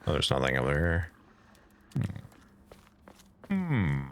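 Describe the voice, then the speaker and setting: A man's voice: rumbling low, huge pitch swings, slow pace, vocal fry, fairly bright tone, a little hiss or hum. A man streaming a game live, reading in-game documents aloud and chatting with his viewers in a rambling, casual way. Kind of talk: casual live-stream chat while playing.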